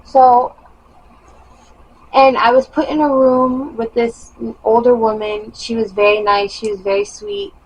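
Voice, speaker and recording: A young woman vlogger telling a personal story in a casual, animated monologue with emphatic rising bursts. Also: sits high, unhurried, creaky, a little hiss or hum, rough recording.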